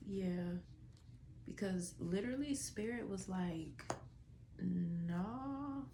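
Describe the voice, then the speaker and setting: A woman's voice: mid-range voice, animated, very slow, dark tone, a little hiss or hum. A woman giving a casual tarot reading to viewers, with a stuffy nose, drawling through fillers and dropping into whispers. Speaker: tarot reader.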